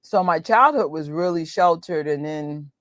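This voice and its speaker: Chatty New York woman, low voice. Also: moderate pace, a bit bright, dry recording, studio quality. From New York, USA. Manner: chatty, laughing, quotes voices. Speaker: watch party host. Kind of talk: casual chat with live viewers.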